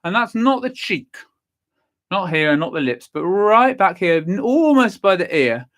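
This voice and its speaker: A cheerful man leading a vocal warm-up lesson, counting through the exercises and encouraging the listener, a little stuffy from a cold. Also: sits high, sing-song, measured pace. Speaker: singing and vocal warm-up teacher.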